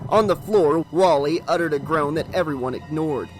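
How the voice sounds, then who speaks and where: A man narrating a horror novel as an audiobook, steady and dramatic. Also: a little high, normal speed, faint music behind.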